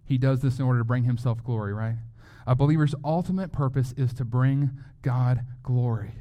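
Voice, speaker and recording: A man's voice: medium pitch, normal speed, highs cut off. A man preaching a sermon as a pastor, in a conversational way, often asking rhetorical questions.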